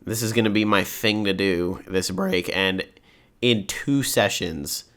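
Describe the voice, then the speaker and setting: A young man with a lowish voice tells a story on a podcast, animated and chatty. He pads his lines with casual fillers and keeps the tone easygoing. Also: measured pace. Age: young adult. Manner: chatty storyteller, animated, many "like" and "you know". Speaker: podcast co-host. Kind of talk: casual chat.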